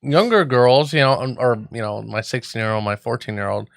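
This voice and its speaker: A man's voice: medium pitch, fairly quick, gravelly, no echo. A man co-hosting a radio show, chatting loosely with swearing and frequent laughs. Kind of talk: casual banter.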